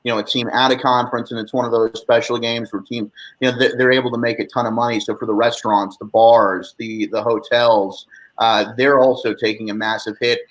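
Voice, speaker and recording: A man's voice: medium pitch, level tone, fairly quick, low-quality recording. Ranting man in a sports chat. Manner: heated, swearing sports rant; frequent fillers like "you know". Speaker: guest sports radio host. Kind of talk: casual sports podcast chat.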